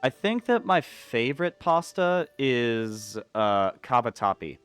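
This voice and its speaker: Guy streaming a game, rambly and chatty, smooth clear voice, gets excited a lot. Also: medium pitch, takes it slowly. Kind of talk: casual gameplay commentary.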